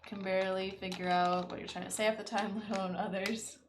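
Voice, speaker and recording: A woman's voice: mid-range voice, level tone, fairly quick, a little hiss or hum. A young woman streaming while she paints, chatting loosely with lots of "like" and "you know.". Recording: echoey room with faint ambience.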